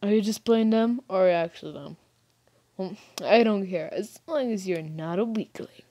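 A woman voicing a cocky teenage schoolboy who loves fistfights, talking gruff and taunting while reading a game aloud. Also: mid-range voice, moderate pace, mellow, dull audio, natural voice. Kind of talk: reading a game's dialogue aloud.

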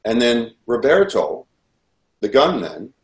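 A man's voice: mid-range voice, big pitch swings, slow. A man as an interview guest, telling a personal story in an earnest, rambling way with frequent restarts. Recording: roomy echo.

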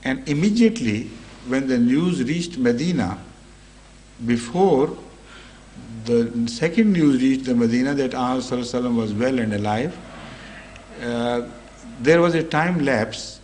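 A man with a voice of ordinary, middle pitch gives an unscripted religious commentary. He talks in a measured way, stopping often with fillers and correcting himself as he explains a verse of scripture. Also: darkish tone, a little hiss or hum.

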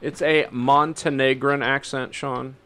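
A man's voice: medium pitch, level tone, measured pace, heavy background noise. A man co-hosting a show, making wry, rambling jokes while watching old films. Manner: wry, rambling, laughs often. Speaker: co-host of a movie-riffing show. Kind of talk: casual joking commentary.

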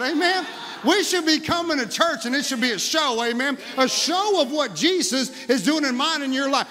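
A male pastor preaching a lively sermon in a church, often calling out "Amen?" to the congregation. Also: extremely high pitch. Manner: energetic, exclaiming, frequent "Amen?" to the congregation. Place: church sanctuary. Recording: long reverb of a large hall.

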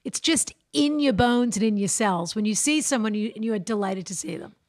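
A woman's voice: mid-range voice, normal speed. A woman hosting a podcast, chatting casually and animatedly with guests. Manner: animated, chatty, laughs often. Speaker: podcast host.

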